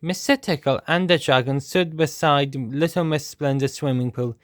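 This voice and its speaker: Man reading a children's story, smooth voice. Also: fairly high pitch, normal speed, no room sound, clean studio sound.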